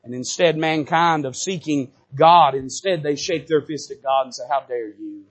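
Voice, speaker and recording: A man with a notably high voice preaches a sermon from a church pulpit. He speaks straight to his congregation, swinging from quiet, low lines to loud, soaring emphasis. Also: steady tone, moderate pace. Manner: fervent preaching with big swings in pitch and loudness; addresses the congregation directly. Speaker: pastor. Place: church sanctuary.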